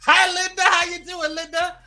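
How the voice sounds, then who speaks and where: Bright-voiced man hosting a live show. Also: very high-pitched. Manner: lively, greets viewers by name one after another. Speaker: morning show host. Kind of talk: live morning show chat.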